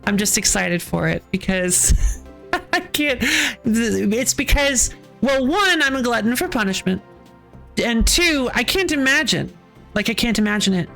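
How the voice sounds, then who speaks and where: Soft music plays behind a woman streamer who rants and chats casually during her game, laughing and sighing often. She speaks unhurriedly in a fairly high, sing-song voice that's gravelly and a bit bright.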